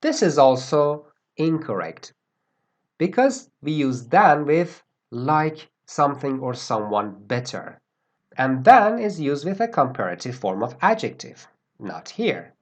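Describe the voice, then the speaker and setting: A man teaching an English grammar lesson, speaking deliberately and repeating key words for pronunciation. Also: a little high, very animated.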